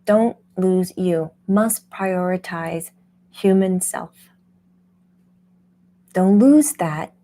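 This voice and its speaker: A woman who hosts a spiritual channel as a medium, teaching casually in an animated way and laughing often. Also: lowish voice, drawn-out words, long pauses. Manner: animated, laughs often, acts out quoted voices.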